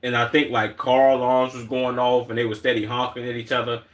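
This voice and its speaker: A man's voice: medium pitch, level tone, brisk. A man with a Chicago accent streaming and reacting to clips in blunt, slangy, heavily profane casual talk.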